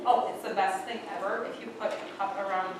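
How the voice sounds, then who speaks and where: A woman's voice: medium pitch, steady tone, fairly quick, noisy background. A woman conducting a choir rehearsal, talking in a chatty, upbeat way and singing syllables to show how a passage goes. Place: large rehearsal hall. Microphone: far camera. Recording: echoey hall from far off.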